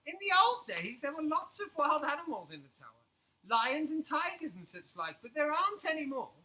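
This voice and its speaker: Storybook casting: man playing a kindly old shopkeeper, raised voice, lively ups and downs. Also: extremely high pitch, fairly quick, voice pushed up, exaggerated voice, rough recording. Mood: explaining.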